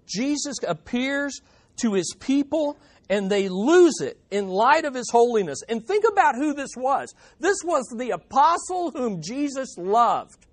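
A man's voice: very high voice, sing-song, a little slow. A man preaching a sermon as pastor, emphatic and repeating key phrases for effect. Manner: quotes imagined voices with dramatic swings in loudness.

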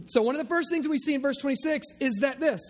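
Man, high voice, pastor, sermon in a church, conversational, joking asides. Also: animated, brisk, darkish tone. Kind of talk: sermon with opening prayer. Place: church sanctuary.

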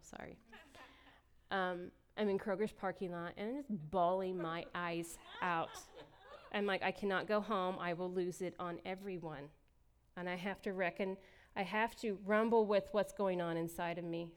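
A woman's voice: mid-range voice, clean tone. A middle-aged woman giving a candid, emotional personal testimony as a church speaker, laughing often as she talks.

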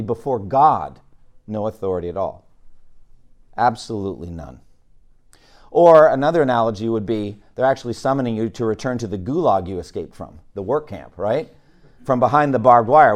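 A middle-aged man preaching a sermon, animated, rising loud for emphasis and dropping low.

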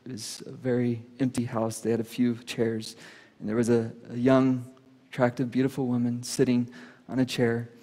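A man preaching a sermon, telling a personal story earnestly and dropping to a hush at solemn moments. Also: medium pitch, completely flat delivery, normal speed. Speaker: pastor. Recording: reverberant hall.

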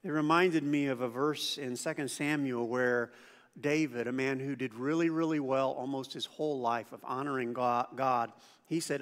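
A man's voice: mid-range voice, fairly even intonation, moderate pace. A man preaching a sermon as pastor, talking conversationally, asking the congregation questions and acting out quoted voices. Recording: church hall with long reverb.

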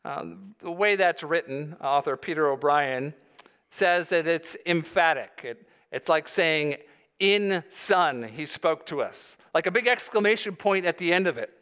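A man's voice: fairly high pitch, moderate pace, fairly bright tone, smooth. A male pastor delivering a sermon, earnest, with rising emphasis on key phrases.

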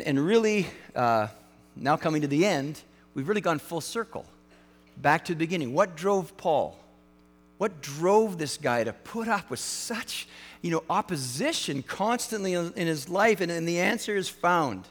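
A male pastor giving a sermon in a casual, animated way, with frequent restarts and fillers. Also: fairly high pitch, unhurried, soft background music. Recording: hall reverb, mains hum.

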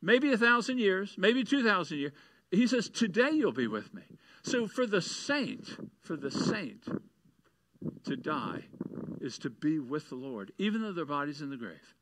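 A man's voice: high voice, lively intonation, a little slow, fairly bright tone, no room sound, low-quality recording. A man preaching a sermon, reading scripture and building to taunting, emphatic peaks. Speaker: pastor.

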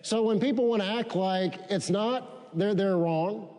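Preacher with a high voice in a reverberant hall. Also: male voice, a little slow, darkish tone. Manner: preaching, repetitive call-and-response. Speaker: pastor. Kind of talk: sermon. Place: large church sanctuary.

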